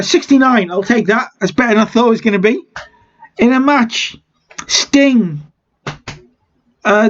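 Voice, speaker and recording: A man's voice: high voice, lo-fi sound. A man casually recapping a wrestling management game, chatty with wry asides. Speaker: game let's-player.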